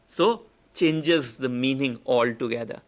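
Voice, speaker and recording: A man with an Indian English accent giving a public speaking lecture, explaining slowly and repeating example sentences with shifting emphasis. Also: mid-range voice.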